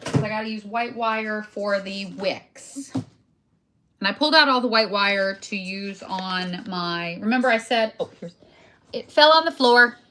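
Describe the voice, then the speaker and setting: Bright, chatty woman crafting on camera. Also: mid-range voice, unhurried, slight background noise. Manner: chatty, self-deprecating, talks while working with hands. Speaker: crafting video host. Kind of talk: casual crafting chat to viewers.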